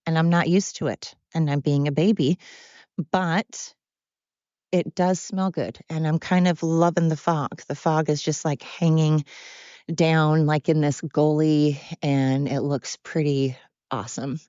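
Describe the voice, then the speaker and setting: A woman's voice: deep voice, fairly even intonation, unhurried, warm tone, no room sound, highs cut off. A woman hosting her own podcast, chatting casually and self-deprecatingly, drifting from one thought to the next. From Oregon, USA. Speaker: podcast host. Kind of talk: casual rambling monologue. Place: home with dogs.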